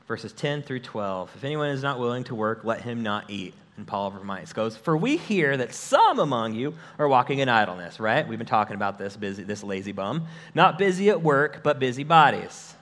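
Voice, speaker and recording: His voice sitting on the low side, a pastor preaches to his church through a stage microphone. The delivery is lively and conversational, and he jokes with the people in the pews.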